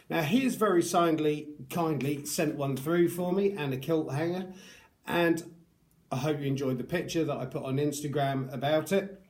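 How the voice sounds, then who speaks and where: A man's voice: fairly high pitch, darkish tone. A man reviewing products to camera, chatty and earnest, with upbeat greetings. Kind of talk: casual talk to camera.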